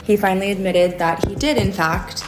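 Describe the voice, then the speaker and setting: A woman's voice: medium pitch, steady tone, moderate pace, music in the background. An American woman telling a personal story in casual chat, candid and wry, with many filler words. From United States. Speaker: storyteller on a podcast.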